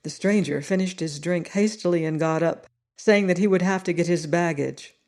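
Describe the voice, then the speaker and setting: A woman reading a story aloud as an audiobook narrator, steady and unhurried. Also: lowish voice.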